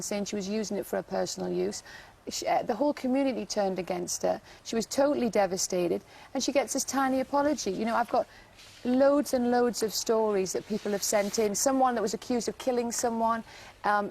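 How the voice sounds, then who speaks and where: A woman giving an insistent, emotional TV interview, talking fast with many fillers. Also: on the high side, darkish tone, poor audio. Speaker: interview guest.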